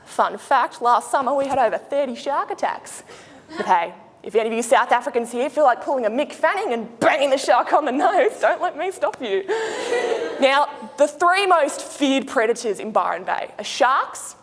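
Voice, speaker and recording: A woman with an Australian accent playing a chatty flight attendant in a comic speech, broad and slangy with deadpan jokes. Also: high voice, normal speed. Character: brash chatty female Aussie flight attendant. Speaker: speech contestant. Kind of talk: comic after-dinner speech in character. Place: large hall. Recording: echoey hall.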